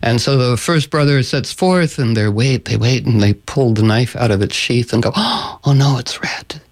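A man's voice: medium pitch, normal speed. A man retelling a folktale casually, loose and playful, with asides and fillers. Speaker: storyteller.

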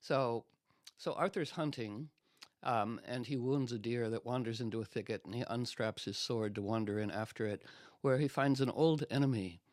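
Brief: male guest storyteller, animated, casual restarts, mid pitch, dry close mic. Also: normal speed, no echo.

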